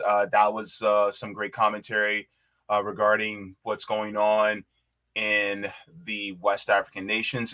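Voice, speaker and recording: Bright-voiced hesitant male host. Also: fairly low pitch. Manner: hesitant, full of uhs and restarts. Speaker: podcast host. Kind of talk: casual interview.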